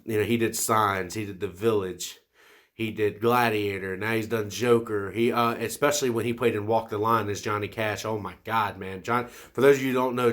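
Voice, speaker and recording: Young male podcast host, lower voice, eager rambling movie chat, lots of restarts. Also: fairly bright tone. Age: 20s. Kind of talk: casual solo movie talk.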